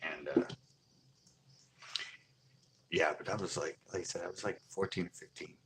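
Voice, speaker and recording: A middle-aged man hosting a fishing channel, telling a long story in a rambling, animated way full of fillers. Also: low-pitched, moderate pace, slight background noise. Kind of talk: casual livestream storytelling.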